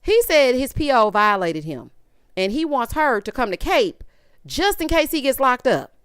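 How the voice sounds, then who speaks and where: A woman's voice: high-pitched, very animated, normal speed, a bit bright, clean tone, no echo, studio quality. Sassy woman recapping reality TV. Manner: sassy, exasperated, quotes people in voices. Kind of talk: casual commentary recap.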